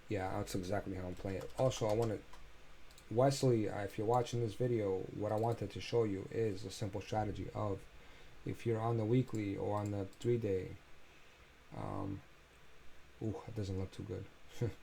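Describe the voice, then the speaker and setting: A man's voice: fairly low pitch, normal speed, vocal fry, dark tone, slight background noise. A man casually talking through crypto price charts on a screen share, loose and chatty, thinking aloud with filler sounds and sounding a bit tired. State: tired, yawning.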